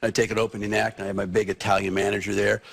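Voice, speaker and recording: A man's voice: fairly low pitch, flat delivery, very fast, vocal fry, fairly bright tone, husky. A middle-aged man, a comedian guest, telling rambling stories in a casual interview with frequent restarts.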